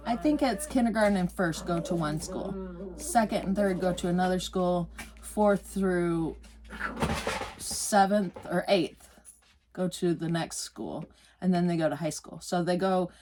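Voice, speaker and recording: A woman's voice: medium pitch, darkish tone. An older woman with a Midwestern American accent, chatting casually while crafting, rambling through stories, laughing often and correcting herself. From United States. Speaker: crafting vlogger.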